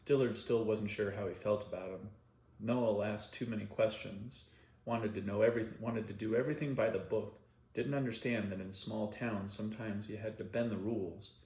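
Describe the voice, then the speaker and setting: A man narrating an audiobook in an unhurried, plain reading style. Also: on the low side, fairly even intonation, a little mellow. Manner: unhurried plain reading with occasional self-corrections. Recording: roomy echo.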